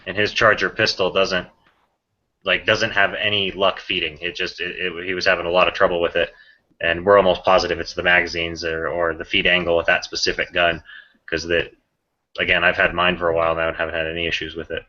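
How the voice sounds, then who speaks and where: A man's voice: low-pitched, little pitch movement, fairly quick, pushed and bright. A man chatting casually in an online voice chat, rambling with many restarts. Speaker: gun owner in an online voice chat. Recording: muffled voice-chat audio.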